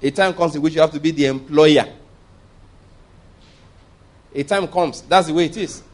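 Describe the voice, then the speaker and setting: A man's voice: on the high side, moderate pace, darkish tone. Emphatic man preaching a sermon. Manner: emphatic, repeats points, rhetorical questions. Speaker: pastor.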